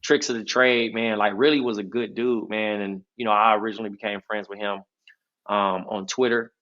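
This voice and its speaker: Podcast co-host, male, nasal and bright-toned, casual storyteller, dull recording. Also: on the low side, steady tone, a little fast. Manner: loose, rambling storytelling with many fillers.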